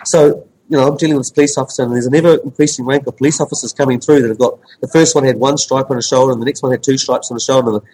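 A journalist man in casual chat, telling a story with lively animation. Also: medium pitch, rapid-fire, husky, poor audio.

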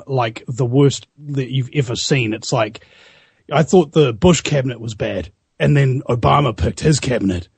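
A man's voice: medium pitch, a little mellow, husky, no echo. A man with a New Zealand accent, a guest on a talk radio show, speaking in a sardonic, opinionated way and laughing often. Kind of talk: casual talk radio chat.

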